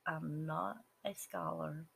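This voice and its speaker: A speaker with a Southern US accent gives an earnest, halting personal testimony, with some words dropping to a whisper. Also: mid-range voice, steady tone, gravelly, sharp tone, a little hiss or hum, rough recording. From Southern United States. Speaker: person sharing their life story.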